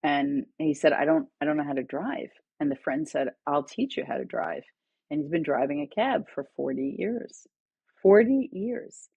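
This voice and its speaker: The recording is dry and somewhat dull, carrying a low, gravelly, husky female voice at normal speed. She's a middle-aged author and educator appearing as a guest, an animated storyteller who voices the quoted exchanges in her conversational tales.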